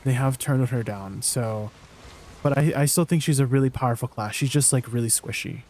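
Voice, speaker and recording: A man's voice: medium pitch, moderate pace, a little mellow, a little hiss or hum. A young man streaming a game, answering his viewers in a teasing, incredulous way. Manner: incredulous, teasing replies to chat. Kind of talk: live stream chat with viewers.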